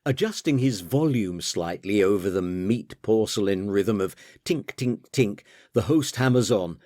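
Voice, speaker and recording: A man reading a novel aloud as audiobook narrator, slipping into lively voices for the characters. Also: on the low side, unhurried, hardly any pauses, no room sound, studio quality. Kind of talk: scripted narration.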